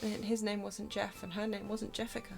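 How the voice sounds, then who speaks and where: A woman's voice: medium pitch, flat delivery, fairly quick, gravelly, faint music behind. A woman with an English accent chatting casually while streaming a game, giggly and self-mocking, swearing often.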